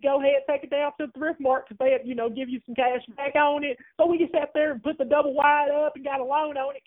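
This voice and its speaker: A woman's voice: high-pitched, close to an everyday voice. A woman voicing a furious, brash Southern woman from Mississippi who cusses in folksy sayings, with a Southern accent. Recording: phone line.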